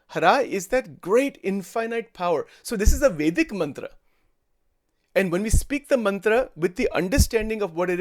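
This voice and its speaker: A man giving a daily spiritual satsang discourse, explaining at length, repeating words and shifting between English and Hindi. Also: sits high. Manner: frequent restarts and stammers. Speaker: spiritual teacher.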